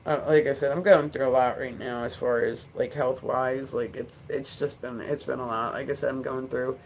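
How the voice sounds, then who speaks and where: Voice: mid-range voice, fairly even intonation, slight background noise. Rambling New Jersey live streamer. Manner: rambling, filler-heavy, quick to laugh. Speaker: livestream host. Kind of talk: casual live-stream chat.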